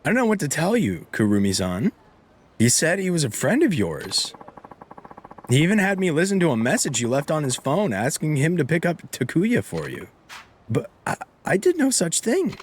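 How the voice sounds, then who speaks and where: Homme jouant un employé d'hôpital gêné, voix un peu montée, nerveuse. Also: male voice, on the high side, wildly swooping pitch, normal speed, a little hiss or hum, pitched above the performer's own voice. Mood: flustered.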